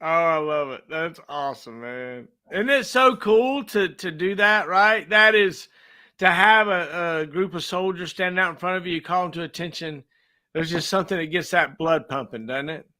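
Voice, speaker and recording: Enthusiastic male host, high, bright, ringing voice, encouraging. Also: normal speed. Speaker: show host. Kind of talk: casual interview talk.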